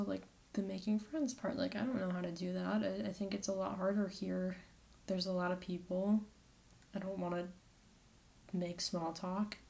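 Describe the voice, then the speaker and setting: A young woman in college talks casually on her own solo podcast, her medium-pitched voice darkish and marked by vocal fry. She's chatty and rambling, dropping "like" constantly and correcting herself.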